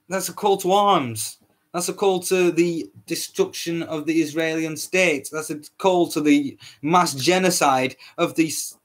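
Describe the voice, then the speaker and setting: A man hosting a solo podcast, ranting in a heated, repetitive way, swearing often and stumbling over his words. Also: on the high side. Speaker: podcast host.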